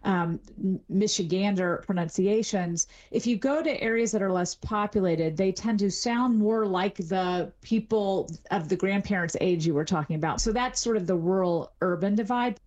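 A woman's voice: mid-range voice, normal speed, few pauses, a little mellow. A middle-aged woman, a linguistics professor, explaining things articulately as a guest in an interview. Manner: articulate, explanatory, with some fillers. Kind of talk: expert interview.

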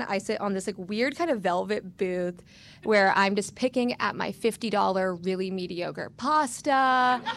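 Young woman telling a candid story. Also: fairly high pitch. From Florida, US. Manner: candid and self-mocking; animated retelling with voiced quotes. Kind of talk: live storytelling on stage.

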